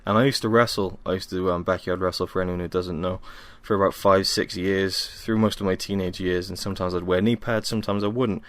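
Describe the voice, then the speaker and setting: Deep-voiced tired young man rambling. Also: steady tone, fairly quick, hardly any pauses, dry recording. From Wales. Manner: rambling, self-deprecating, many ums. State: tired after a workout. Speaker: podcast host. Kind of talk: casual solo podcast monologue. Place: home.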